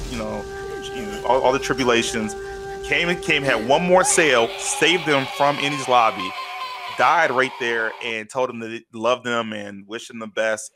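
A man in casual podcast chat, animatedly retelling a story and acting out quotes. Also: mid-range voice. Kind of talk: casual chat recapping an anime.

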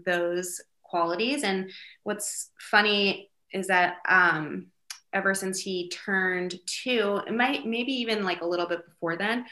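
Bright lower-voiced woman rambling happily, lots of likes and ums, giggly. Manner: chatty, lots of fillers, giggly. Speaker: guest, single mother. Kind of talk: casual interview chat.

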